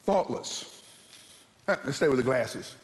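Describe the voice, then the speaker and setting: A man's voice: medium pitch, expressive, unhurried, big-room sound. A male pastor preaching a sermon, telling humorous stories and asking the congregation rhetorical questions.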